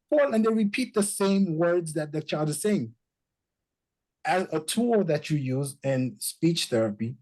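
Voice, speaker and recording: Heard on a low-quality recording, a mid-range male voice belongs to a guest speaker in a casual, code-switching chat. He is a lively storyteller who acts out quotes from parents and their children.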